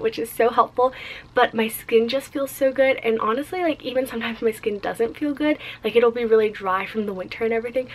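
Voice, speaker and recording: A woman's voice: fairly high pitch, a little hiss or hum, rough recording. A bubbly young woman talks straight to her viewers in a casual lifestyle vlog. She sounds upbeat and friendly, and she sprinkles her sentences with "like" as she goes. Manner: bubbly, upbeat, heavy use of "like". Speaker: lifestyle vlogger.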